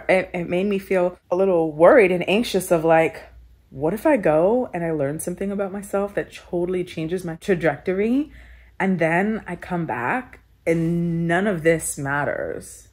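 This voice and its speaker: A woman's voice: lowish voice, moderate pace, a little mellow. A woman telling a candid personal story in an interview, earnest and reflective, with many filler "likes". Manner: tearful laughing when moved.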